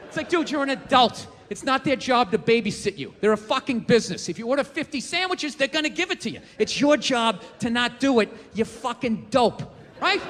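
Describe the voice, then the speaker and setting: A man's voice: very high-pitched, animated, a little fast, a bit bright. A man in his forties performing a live stand-up set, ranting in a profane, incredulous way. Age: 40s. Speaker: stand-up comedian. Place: large theater stage. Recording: live theater, long reverb, crowd and noise.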